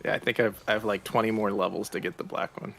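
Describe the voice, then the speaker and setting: A man's voice: fairly low pitch, fairly even intonation, quick pace, creaky, a bit bright. A man co-hosting a morning gaming show, chatting casually over gameplay and making dry joking asides. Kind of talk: casual chat while playing a game.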